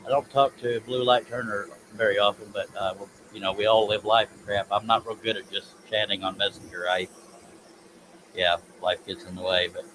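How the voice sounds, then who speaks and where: This lowish-voiced man runs a casual woodworking live stream from his home workshop, with a noisy background behind him. He rambles, jokes at his own expense, and reads viewers' comments out loud.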